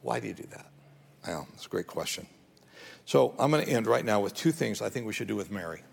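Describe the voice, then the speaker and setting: A man's voice: fairly low pitch, animated, brisk, vocal fry, slightly rough, in a large hall. A man preaching a sermon as pastor, earnest and rising to pleading as he voices prayers. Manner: earnest, rises to pleading when voicing prayers.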